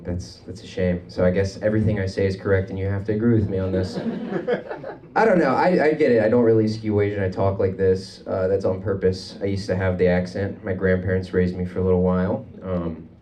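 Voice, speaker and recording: A man doing a rambling, deadpan, self-deprecating stand-up set on a comedy club stage. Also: sits low, brisk, slight background noise. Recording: club audio, mic at a distance, crowd audible.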